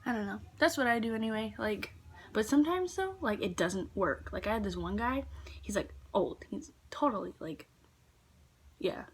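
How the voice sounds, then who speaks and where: A woman's voice: medium pitch, expressive, moderate pace, breathy edge. A teenage girl casually telling work stories in a vlog, chatty with lots of fillers, sometimes dropping to a whisper. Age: teens. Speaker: vlogger.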